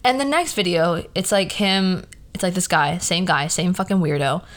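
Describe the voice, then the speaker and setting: A young woman from Peru hosting a casual solo podcast, ranting in an animated, chatty way, leaning hard on "like" and laughing often. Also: lowish voice, normal speed. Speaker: podcast host.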